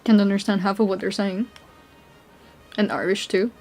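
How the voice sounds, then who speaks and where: A woman's voice: mid-range voice, fairly even intonation, normal speed, mellow, faint music behind. Chatty young woman streaming a game. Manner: chatty, answering chat, often laughing and trailing off. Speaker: live streamer. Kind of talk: casual chat while playing a video game.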